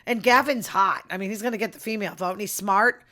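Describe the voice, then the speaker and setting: A woman's voice: mid-range voice, fast talker, pushed and bright. A woman hosting her own podcast, talking alone in a chatty, opinionated way and dropping into murmured asides. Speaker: podcast host. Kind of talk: casual solo podcast chat.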